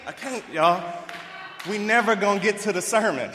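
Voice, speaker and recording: A man preaching a sermon as pastor, jumping between lively asides and slow scripture reading. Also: high-pitched, noisy background. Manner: lively preaching, breaks off to play music, then reads scripture slowly. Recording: echoey hall with long reverb.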